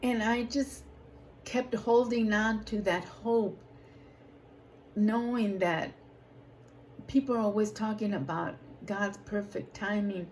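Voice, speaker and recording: A woman who leads a ministry, giving a personal testimony in a slow, emotional way that rises to emphatic outbursts. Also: medium pitch, fairly even intonation, darkish tone, a little hiss or hum, poor audio. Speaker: ministry leader.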